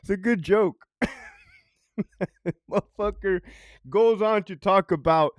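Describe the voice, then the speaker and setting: A man telling a story in a casual, profane way. He is blunt, swears heavily, chuckles between points, and swings between loud outbursts and low mutters. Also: slow pace, dry recording, clean studio sound. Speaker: vlogger, prison guard commentator.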